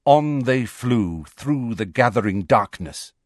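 A man narrating a fantasy novel chapter with an expressive, dramatic reading. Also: mid-range voice, slow, no echo, studio quality. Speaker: audiobook narrator. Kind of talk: scripted storybook narration.

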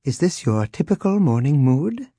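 A man's voice: on the high side, sing-song, moderate pace, dark tone, slightly rough, no room sound, pitched above the performer's own voice, full character voice. A man voicing a small, prickly male alien who asks dry, needling questions.

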